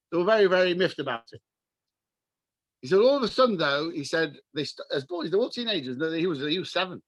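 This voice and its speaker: An English man, a rabbi, teaching a class over a video call and telling stories in an animated way, with Hebrew and Yiddish words mixed in. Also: sits high, fast, dry recording, highs cut off. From England. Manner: animated storyteller, mixes in Hebrew and Yiddish terms. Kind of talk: Torah class with storytelling.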